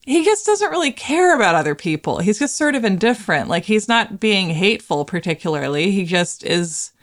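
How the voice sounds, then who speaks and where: A chatty woman co-hosting a casual film chat, laughing often and mimicking characters in mocking voices. Her voice sits at an ordinary middle pitch. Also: big pitch swings, fairly quick. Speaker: podcast co-host.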